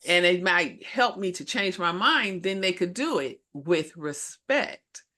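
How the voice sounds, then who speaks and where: A middle-aged woman telling stories with a bright, forceful tone. She co-hosts a casual chat and acts out the people in her stories with lively character voices. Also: lowish voice, a little slow. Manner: animated storyteller who acts out voices. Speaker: co-host and minister.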